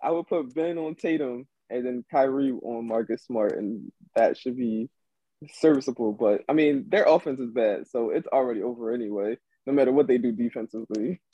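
Husky-voiced man in dry podcast banter. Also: medium pitch, normal speed, mellow, no echo, highs cut off. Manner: blunt, agrees readily. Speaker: podcast co-host. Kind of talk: casual sports chat.

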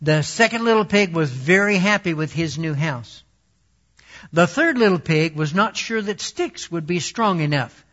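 Male storyteller, slightly high voice, very slow and deliberate read-aloud; dull lo-fi recording. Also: animated, fairly bright tone. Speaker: storyteller and Bible teacher. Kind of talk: reading a children's story aloud.

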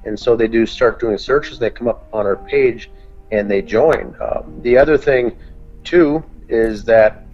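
A man's voice: medium pitch, unhurried, a little mellow, lo-fi sound. A man co-hosting a true-crime podcast, going through facts methodically, point by point. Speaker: podcast co-host, group admin. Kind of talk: detailed discussion.

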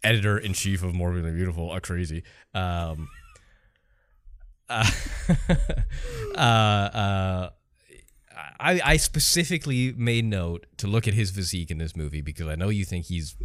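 A woman's voice: a bass voice, very animated, measured pace, no room sound. A woman co-hosting a casual movie podcast, teasing her co-host in a dry way.

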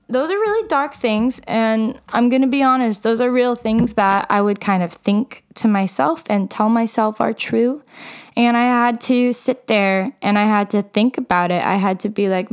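A young woman in her late teens, a mental health vlogger, talks earnestly to camera about her own struggles in a high-ish, clear, resonant voice, a little slowly. She's candid and heartfelt, with frequent "like" fillers.

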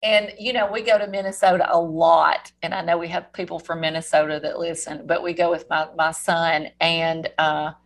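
A woman's voice: lowish voice, level tone, normal speed, hardly any pauses. A woman with a Southern Alabama accent, co-hosting a podcast in casual, rambling chat with frequent restarts. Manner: chatty, rambling, with many restarts. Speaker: podcast co-host, school counselor.

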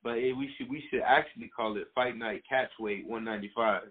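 A man's voice: mid-range voice, steady tone, a little fast, breathy edge. Laid-back guy on a phone line. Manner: laid-back, agreeable, crude jokes. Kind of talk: casual podcast chat.

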